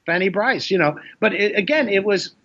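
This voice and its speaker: Bright-voiced older male comedian storyteller. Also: high voice, moderate pace. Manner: animated storyteller, slips in impressions. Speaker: comedian guest. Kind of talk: casual chat. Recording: muffled lo-fi sound.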